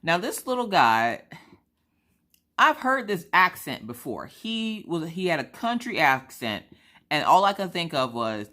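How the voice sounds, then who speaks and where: A woman's voice: on the low side, big pitch swings, a little slow, sharp tone. A woman from South Carolina, a craft vlogger, telling an anecdote in a chatty, blunt way. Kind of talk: casual storytelling chat.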